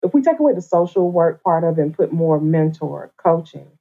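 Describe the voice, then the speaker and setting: A woman's voice: deep voice, sing-song, brisk. A woman in casual podcast discussion, emphatic as she builds on points. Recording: tinny phone-like line.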